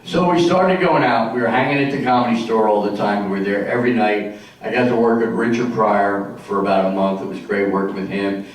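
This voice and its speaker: Middle-aged guy doing stand-up, chatty joke storytelling, regular pitch, super echoey hall recorded from way back. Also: fairly even intonation, fairly quick, distant mic. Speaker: stand-up comedian. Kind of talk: stand-up comedy routine. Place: stage in a senior community hall.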